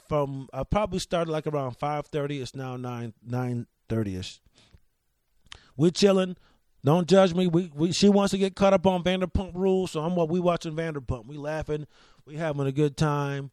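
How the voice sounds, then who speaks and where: Man, casual podcast storytelling, lifted pitch, dry sound, swears a lot, laughs while talking. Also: moderate pace, dry recording. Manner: animated, profane, laughing, with many restarts. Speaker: podcast host.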